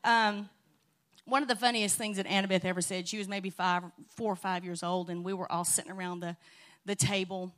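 A woman's voice: medium pitch, fairly even intonation, a little fast. A woman telling funny stories to a church congregation in a chatty, laughing way. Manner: chatty and warm-hearted, laughing often. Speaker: church speaker. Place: church sanctuary.

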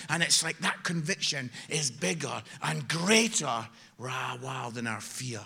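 British man, preacher, sermon with anecdotes, energetic, loud then quiet, very bright sharp tone. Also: mid-range voice, unhurried, vocal fry, few pauses, husky. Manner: energetic, shifts from loud exhortation to quiet asides. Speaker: guest preacher. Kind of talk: sermon with humorous storytelling.

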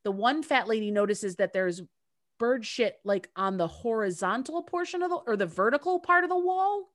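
A woman co-hosting a casual podcast, spinning an anecdote with profanity and quick asides. Her voice sits fairly high and leaps around a lot as she talks. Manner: lively, profane, storytelling with asides. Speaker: podcast co-host. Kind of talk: casual chat.

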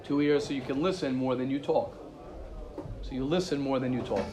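A man teaching an informal religious class, telling stories in an animated way and repeating his phrases. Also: mid-range voice, a little fast, music in the background. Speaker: Torah teacher.

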